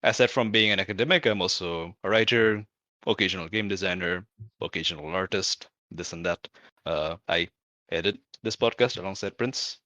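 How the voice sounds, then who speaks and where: A man's voice: low voice, sharp tone, no room sound. A man from Bangladesh introducing himself on a tabletop game podcast, dry and self-deprecating. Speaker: academic and podcast editor. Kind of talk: casual podcast chat.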